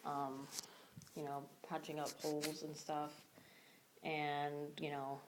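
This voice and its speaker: A woman's voice: deep voice, completely flat delivery, slow, slight background noise, poor audio. A young woman vlogging in an empty room of a house, talking loosely with many fillers and sounding short on sleep. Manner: rambling, many fillers like "like" and "you know". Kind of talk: casual vlog rant.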